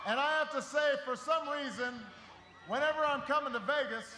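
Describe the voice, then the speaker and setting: Man, campaign rally speech, rousing and shouted, bright tone, faint ambience. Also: very high voice, normal speed, reverberant, a little hiss or hum. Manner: rousing, shouting over a crowd. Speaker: political speaker at a rally. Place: large rally venue.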